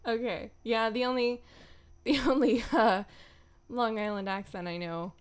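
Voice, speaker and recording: A woman's voice: on the high side, fairly even intonation, slow, clear, resonant tone. Young woman voice actor rambling on her stream at home, goofy, giggly, just chatting. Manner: playful, rambling, giggly asides. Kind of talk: casual stream chat.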